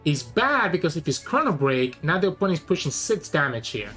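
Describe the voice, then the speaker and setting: A man's voice: fairly high pitch, very animated, brisk, a bit bright, soft background music. A man giving live gameplay commentary on a card game, thinking aloud and weighing each play as he goes.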